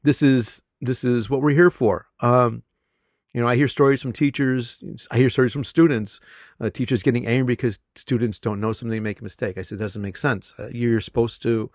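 A middle-aged man, a teacher, telling classroom stories in casual conversation, animated and laughing often. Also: mid-range voice, a little fast, no room sound, studio quality. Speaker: English teacher.

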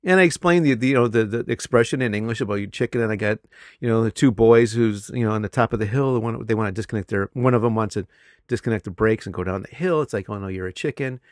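A middle-aged man, a teacher, telling classroom stories in casual conversation, animated and laughing often. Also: on the low side, fast, dry recording, clean studio sound. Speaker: English teacher.

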